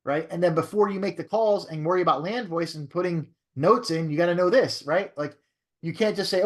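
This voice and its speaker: A man's voice: high voice, brisk. A man who is a real estate broker teaching a training class in a coaching way, often checking in with "right?".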